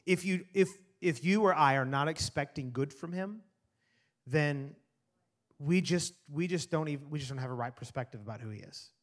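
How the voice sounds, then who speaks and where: A man preaching a sermon in an animated way, swinging from loud emphasis to quiet asides. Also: fairly high pitch, normal speed. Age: adult parent. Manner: animated preaching, rising and dropping to soft asides. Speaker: pastor.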